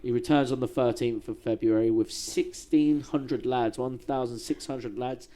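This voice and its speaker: A man's voice: medium pitch, fairly even intonation, moderate pace, dark tone. A man co-hosting a podcast, retelling history in a casual, slangy, joking way. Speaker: podcast co-host.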